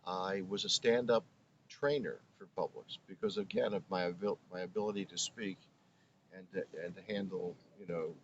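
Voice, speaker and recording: A man's voice: low voice, fairly even intonation, normal speed, lo-fi sound, a little hiss or hum. A man in his seventies, originally from Brooklyn, telling his story as an interview guest in an earnest, reflective way. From Brooklyn, New York. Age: 70s. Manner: earnest, reflective, restarts phrases often. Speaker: guest, former radio broadcaster.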